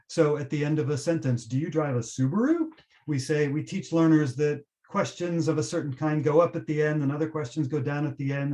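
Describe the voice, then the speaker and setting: A man's voice: on the high side, mellow. Man presenting a teacher-training webinar. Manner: explanatory, models example words slowly.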